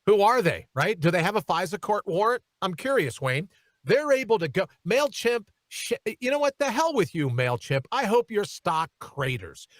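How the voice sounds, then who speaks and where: A man hosting a radio talk show, ranting in a sarcastic, animated way from a studio microphone. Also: high voice, normal speed, dry recording.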